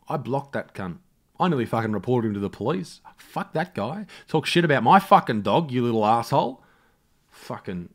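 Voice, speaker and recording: A man's voice: mid-range voice, big pitch swings, moderate pace. An Australian man hosting a solo comedy podcast, rambling and swearing constantly, laughing at his own stories. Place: home setup in self-isolation.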